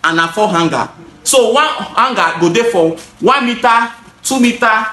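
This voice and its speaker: Nigerian man, high-pitched, emphatic and repetitive, echoey room. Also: expressive, moderate pace, pushed and bright. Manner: emphatic, repeats phrases, switches into pidgin. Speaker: gutter installer and seller. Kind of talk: casual product explanation to camera.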